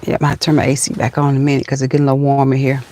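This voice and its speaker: A woman's voice: a bass voice, completely flat delivery, rapid-fire, dark tone. A middle-aged woman with a Southern accent, hosting a casual live chat from her parked car, folksy and chatty, calling viewers honey and child. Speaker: livestream host.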